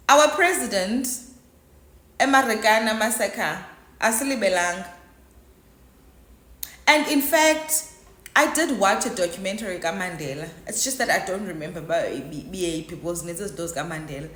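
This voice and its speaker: A woman's voice: mid-range voice, expressive, moderate pace, pauses often, a bit bright. Emotional South African woman in a roomy echo. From Eastern Cape, South Africa. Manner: emotional, mixes English with isiXhosa. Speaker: vlogger. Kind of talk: casual vlog commentary.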